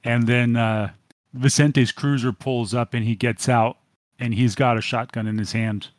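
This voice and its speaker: A man's voice: mid-range voice, steady tone, a little slow, no echo. A man narrating as game master, rambling with many fillers.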